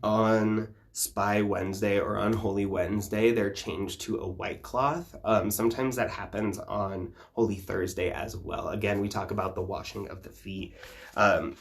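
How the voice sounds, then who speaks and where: A man's voice: lowish voice, steady tone, measured pace. A man casually teaching folk magic customs in an irreverent, profane way, laughing often and using many fillers. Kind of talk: casual spiritual teaching vlog.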